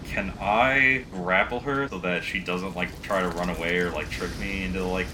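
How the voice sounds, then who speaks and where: A man's voice: low-pitched, steady tone, moderate pace, noisy background. A young man playing a tabletop game, speaking dryly and tersely in character. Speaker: player.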